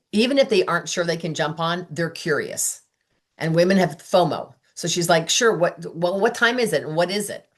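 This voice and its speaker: A woman leading a sales training, talking with enthusiasm and acting out the texts and replies she quotes. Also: low-pitched. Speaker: sales director giving training. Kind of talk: training talk.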